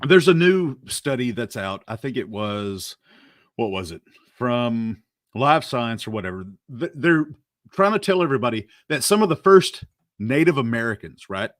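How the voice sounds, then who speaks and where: A man's voice: medium pitch, a bit bright, no room sound, studio quality. A man hosting a livestream, reacting to clips and reading out chat comments in a rambling, casual way with frequent laughs. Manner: rambling, laughing, repeats words. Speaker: show host reacting to clips. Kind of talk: casual commentary live stream.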